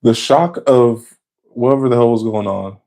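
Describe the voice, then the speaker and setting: A man casually recapping anime episodes in a slangy, excitable way, swearing freely and jumping up in pitch when he gets worked up. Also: normal speed, vocal fry. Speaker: anime reaction vlogger.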